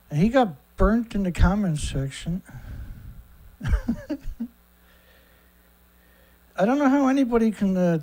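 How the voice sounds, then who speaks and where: A man's voice: high voice, dark tone. Blunt, sarcastic middle-aged man host. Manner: rambling with frequent fillers and asides. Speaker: host of a daily news livestream. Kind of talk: casual livestream commentary.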